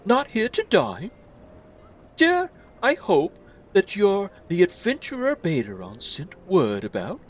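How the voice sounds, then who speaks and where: A man's voice: high-pitched, huge pitch swings, takes it slowly, voice pushed up, full character voice. A man voicing a snooty elf hostess, reading video game dialogue in an affected, fussy and theatrical way. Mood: prim.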